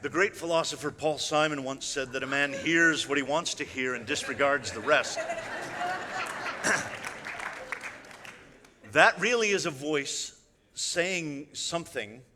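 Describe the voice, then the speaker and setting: A man's voice: on the high side, unhurried, long pauses, crowd noise. A man, an illusionist, addressing a live audience on stage in a chatty, wry way with frequent direct asides. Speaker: illusionist giving a talk. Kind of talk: conversational stage presentation. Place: large hall on stage. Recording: long hall reverb.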